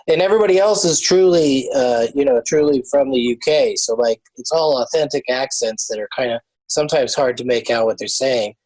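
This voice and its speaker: A man's voice: medium pitch, a little fast, hardly any pauses, a little mellow, rough recording. A man hosting a comedy podcast, chatting loosely and laughing often. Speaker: podcast host. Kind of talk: casual comedy podcast chat.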